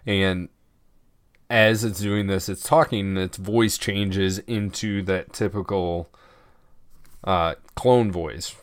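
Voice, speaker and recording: A man with a lowish, smooth voice co-hosting a casual podcast, swearing freely as he recaps scenes and acts out lines. He is close on the mic in a dry space with no echo. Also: fairly even intonation, slow. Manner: swears a lot, retells scenes with acted-out lines. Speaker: podcast co-host. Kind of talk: casual chat.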